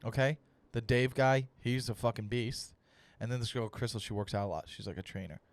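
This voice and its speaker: A young adult man hosting a comedy podcast, ranting with animated, profane storytelling and acted-out dialogue. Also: medium pitch, brisk, no room sound. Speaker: comedian host.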